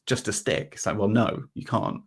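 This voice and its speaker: A man hosting a podcast, talking through an idea in a relaxed, meandering way, with lots of fillers and restarts and homely everyday examples. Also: on the low side, normal speed. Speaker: podcast host. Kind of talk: reflective conversational explanation.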